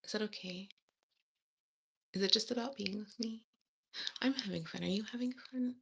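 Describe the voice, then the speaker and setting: A woman's voice: medium pitch, moderate pace, vocal fry, a little hiss or hum. A woman chatting to viewers in a casual study vlog, reading practice exercises aloud and giggling as she works. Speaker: language learner vlogger.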